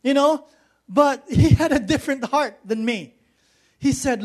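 High-voiced preacher telling a story. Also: male voice, unhurried. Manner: conversational, asks the audience questions. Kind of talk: sermon storytelling.

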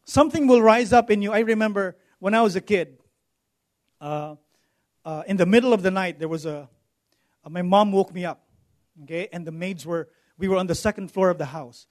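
A middle-aged Filipino pastor with a noticeably high voice preaches in a loose, conversational style. He repeats himself mid-sentence and keeps checking in with his listeners with a quick "okay?". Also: a little mellow. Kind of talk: sermon with personal stories.

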